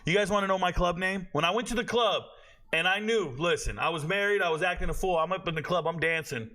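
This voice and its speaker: Hosting a live stream, a man in his forties speaks directly to his chat viewers in a slightly high, bright voice pushed out with real force. He's a loud joker and storyteller, rattling along at a quick pace in relaxed slang.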